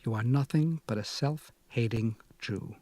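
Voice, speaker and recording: A man's voice: medium pitch, a little slow, mellow, dry recording, lightly acted. A man voicing a stern young woman who lectures bluntly in an audiobook reading. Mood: contemptuous. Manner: scolding, blunt and moralizing.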